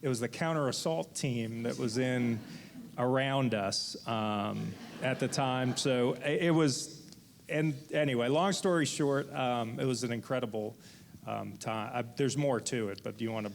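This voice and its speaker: Gravelly man telling a rambling story. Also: mid-range voice, unhurried, a little hiss or hum. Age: 40s. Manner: rambling, lively retelling with frequent restarts. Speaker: fishing guide and panelist. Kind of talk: anecdotal storytelling on a panel. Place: indoor event venue.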